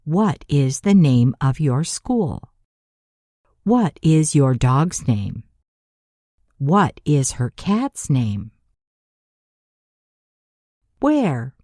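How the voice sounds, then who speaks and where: A woman delivers a scripted grammar lesson as a teacher, each word placed with great slowness and letters spelled out one by one. Her voice sits low yet rises and falls in a lively way. The sound is mellow and dry, close to the mic. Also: no echo. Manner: slow, deliberate, spelling out letters for learners. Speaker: English teacher.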